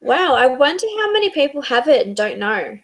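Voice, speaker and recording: Brief: Australian woman, high voice, eager chatty book club co-host. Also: sing-song, brisk. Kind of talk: casual chat.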